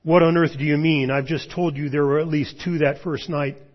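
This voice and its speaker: Scared boy voice, pitched up high, pleading, husky and muffled, as a man puts him on. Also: steady tone, moderate pace, close to an everyday voice. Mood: anxious. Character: frightened young boy, near tears. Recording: dull lo-fi sound.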